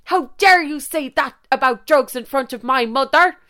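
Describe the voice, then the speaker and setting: A woman's voice: sits high, normal speed, a bit bright, voice pushed up. A woman voicing an indignant, easily offended young woman friend with a rural Irish accent, scolding in outrage. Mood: outraged.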